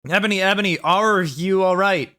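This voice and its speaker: A man voicing a jealous, hotheaded teenage boy in a raised, shouty voice for a comic reading. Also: sits high, normal speed, pitched above the performer's own voice. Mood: worried.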